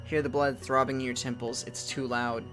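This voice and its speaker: A man reading a text adventure game aloud, breaking off into loud startled exclamations, with game music playing behind him. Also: medium pitch, flat delivery, normal speed.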